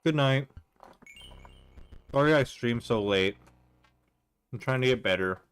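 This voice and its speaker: A man's voice: medium pitch, expressive, unhurried, fairly bright tone, clean tone. A young man streaming a game, chatting casually with chat and rambling with lots of fillers. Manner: rambling, filler-heavy, reads chat aloud.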